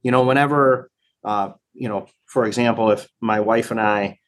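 Guy explaining his training program, thinking out loud, lots of you know and restarts. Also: lowish voice, steady tone, moderate pace. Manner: reflective, many fillers and restarts. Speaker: guest, training program director. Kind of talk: casual conversation.

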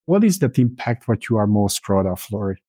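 A man hosting a podcast speaks haltingly, often restarting as he searches for words. His voice is low and mellow, and the sound is dry and close. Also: very animated, dry recording. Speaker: podcast host. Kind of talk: podcast interview.

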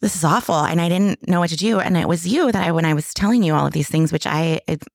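Low, gravelly woman telling her story. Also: fast talker, no room sound, clean studio sound. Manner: candid, emotional storytelling with many restarts. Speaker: guest. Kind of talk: personal story in casual conversation.

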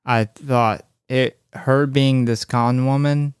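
A man's voice: medium pitch, steady tone, slow, clean tone, no room sound, clean studio sound. A man co-hosting a casual horror movie podcast, blunt and joking with slangy asides. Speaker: podcast co-host.

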